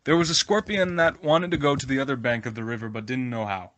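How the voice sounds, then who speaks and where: A man's voice: mid-range voice, fast talker, a bit bright. A man reading a translated spiritual message, earnest and exhorting as he draws a moral for his listeners. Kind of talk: devotional talk, read translation.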